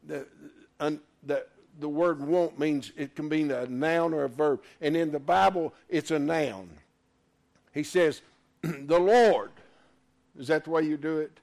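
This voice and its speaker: A man preaching a sermon, fervent, swinging from loud exclamations to quiet asides. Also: a little high, a little slow, creaky.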